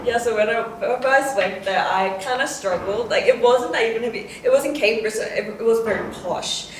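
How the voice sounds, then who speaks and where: A woman's voice: a little high, a little fast, recorded from a distance. Woman with a British-tinged accent, echoey. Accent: English partly picked up in Britain. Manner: relaxed, repeats "yeah" a lot. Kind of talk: casual chat. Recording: echoey room, from off-mic, faint hiss.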